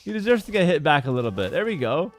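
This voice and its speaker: A man casting a strategy game tournament live, casual and opinionated, breaking into excited shouts at big plays. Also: on the high side, fast, faint music behind. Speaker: esports caster.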